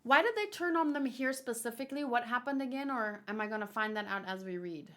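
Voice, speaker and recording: Brief: young female read-along host, chatty and exclamatory, higher voice. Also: animated, brisk, bright, forceful tone. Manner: chatty, exclamatory, loose asides. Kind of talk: casual comic read-along commentary.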